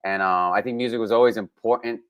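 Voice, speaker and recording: Low-voiced, smooth Brooklyn man. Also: fast talker, dry recording. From Brooklyn, New York. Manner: relaxed, with frequent fillers and restarts. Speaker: musician guest. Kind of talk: casual interview.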